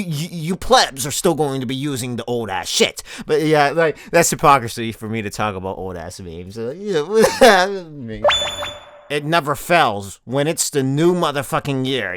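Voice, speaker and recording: A man's voice: mid-range voice, a bit bright, no echo, studio quality. A man delivering a crude, sarcastic comedy rant, rambling and stammering through restarts. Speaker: comedy YouTuber.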